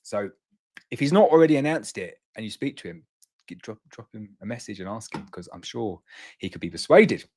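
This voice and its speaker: A man's voice: lively intonation, brisk, darkish tone, a little hiss or hum. A man hosting a beekeeping livestream, chatting casually and reading out viewer comments with a rambling, friendly flow. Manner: chatty, rambling, jumps up in pitch to read out names.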